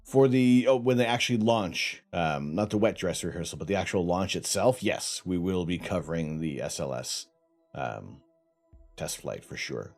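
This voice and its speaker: A man's voice: sits low, lively intonation, normal speed, darkish tone, soft background music. A man hosting a casual astronomy livestream from home, joking and laughing as he chats with viewers. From Canada.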